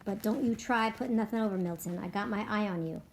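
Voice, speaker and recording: A woman reading aloud, voicing a blunt, suspicious middle-aged ranch boss with a rough rural American drawl. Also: medium pitch, fast, a little hiss or hum, close to an everyday voice. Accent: rough rural American drawl, put on. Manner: blunt, clipped, drawling ranch-hand talk.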